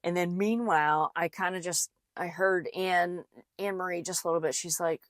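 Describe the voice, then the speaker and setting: A woman with a low, dark-toned voice tells her listeners about her experience in a loose, chatty solo podcast. She leans on fillers and restarts her sentences often. The sound is close and dry, with no room around it. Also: steady tone, moderate pace, no room sound. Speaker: podcast host, physical therapist. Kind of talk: casual solo podcast monologue.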